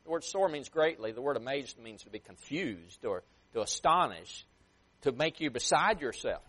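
A man preaching a sermon with emphatic swings in loudness and pace, sometimes acting out a parent scolding a child. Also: mid-range voice, expressive, moderate pace, slightly rough. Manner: emphatic, rising and dropping sharply for effect.

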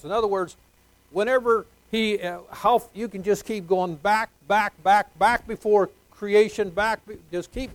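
An older man preaching a sermon, swinging between soft asides and loud emphatic points, with folksy jokes. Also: high voice, no echo, rough recording. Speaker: pastor.

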